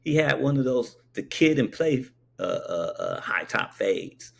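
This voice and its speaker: A man's voice: medium pitch, very animated, a little slow, vocal fry. A man telling a personal story in a conversational way, often checking in with the listener.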